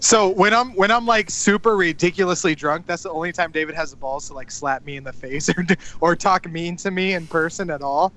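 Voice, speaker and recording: A young man casually telling a story as a podcast co-host, animated and often laughing. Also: a little high, a little fast, hardly any pauses.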